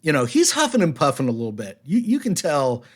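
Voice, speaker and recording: A man narrating as game master of a tabletop game, slow and hesitant with many fillers. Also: on the high side, wildly swooping pitch.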